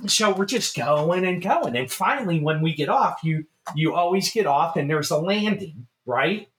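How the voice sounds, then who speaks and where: A middle-aged man co-hosting a casual show, telling a long story in an animated way, swearing and laughing as he goes. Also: on the high side, normal speed. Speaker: podcast co-host.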